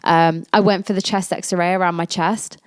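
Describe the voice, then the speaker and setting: A woman's voice: fairly low pitch, steady tone, normal speed, smooth, no echo. Woman in her 20s telling her own story on her podcast, chatty, voices the other people, dead dry sound. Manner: candid and chatty, acts out quoted dialogue. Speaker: podcast host. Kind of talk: personal storytelling monologue.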